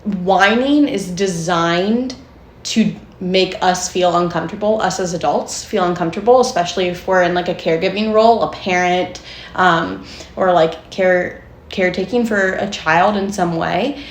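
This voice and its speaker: A woman's voice: lowish voice, moderate pace, reverberant, a little hiss or hum. A young adult woman co-hosting a podcast as a therapist, explaining in a chatty way with many fillers and frequent laughs. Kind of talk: casual podcast conversation.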